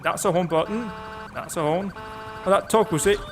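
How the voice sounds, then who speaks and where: A young man giving chatty, sarcastic commentary over his own police-driving gameplay, with sudden excited outbursts. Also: high voice, moderate pace, noisy background. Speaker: gaming YouTuber.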